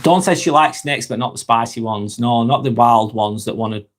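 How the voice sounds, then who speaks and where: A man with a Lancashire accent talks to his viewers on a live stream, his voice sitting at an ordinary middle pitch. He reads out their comments and chuckles along with them. His manner is gentle and reflective throughout. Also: moderate pace. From Northwest England.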